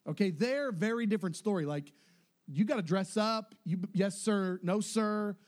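A man's voice: sits high, normal speed. A young man telling a story casually, acting out what others said in shifting voices. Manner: animated, acts out quotes with shifting voices. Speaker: storyteller recounting a mission trip.

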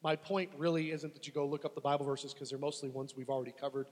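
Male preacher, high husky voice, dramatic delivery, heard with a long reverb. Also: little pitch movement, fast talker. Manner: dramatic, acts out desperate pleas to God. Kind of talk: sermon.

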